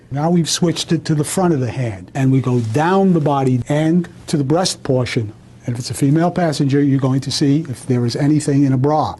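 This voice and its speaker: A man's voice: mid-range voice, warm tone, a little hiss or hum. A man in an interview, explaining procedures in a matter-of-fact way.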